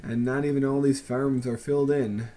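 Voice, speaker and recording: A man's voice: mid-range voice, little pitch movement, moderate pace, warm tone, faint music behind. A man casually commenting on his city-building game in a wry, sarcastic, musing way. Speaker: let's play host.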